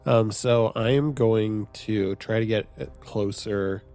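Gravelly low-voiced man thinking aloud. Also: steady tone, slow, warm tone. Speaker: player. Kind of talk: casual tabletop play.

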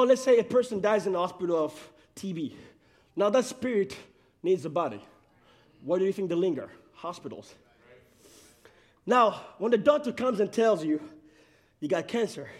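A man preaching a sermon in an emphatic way, raising his voice for emphasis. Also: sits high.

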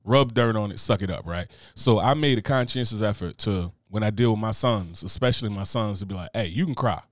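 A man's voice: fairly low pitch, a little fast, no echo, studio quality. A middle-aged man in casual chat who tells stories with energy and acts out the people he quotes. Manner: animated storytelling, acts out quoted voices.

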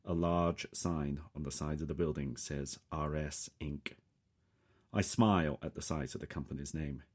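A man reading a first-person story in a calm, measured way. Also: very deep voice. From England. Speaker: audiobook narrator. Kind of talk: scripted first-person narration.

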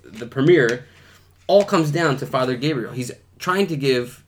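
A man's voice: medium pitch, a little hiss or hum. Easygoing man chatting about TV. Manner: relaxed, frequent backchannel, halting restarts. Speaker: podcast host. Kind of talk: casual chat.

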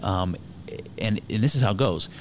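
A man's voice: on the low side, lively intonation, normal speed, darkish tone, slight background noise. Frank, irreverent man talking casually. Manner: irreverent, frank and conversational, swears freely; thinks aloud with frequent fillers. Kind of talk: casual spoken commentary on scripture.

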